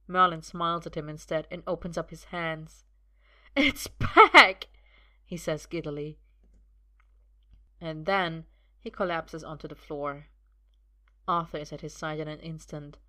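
Low, bright-toned woman narrating a story. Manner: steady, expressive storytelling. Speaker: reader. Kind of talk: audiobook narration.

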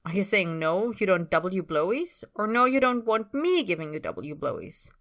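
A woman's voice: mid-range voice, very animated, normal speed. A woman voicing a brash young male hockey player who needles and pushes. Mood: pushy. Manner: pushy, needling.

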